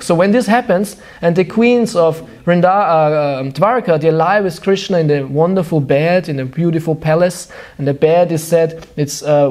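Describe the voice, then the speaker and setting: A man with a German accent gives a devotional sermon in English, which is not his first language. His voice sits high for a man. He tells stories with animation and sometimes gropes for the right word. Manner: searching for words, animated storytelling. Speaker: spiritual teacher.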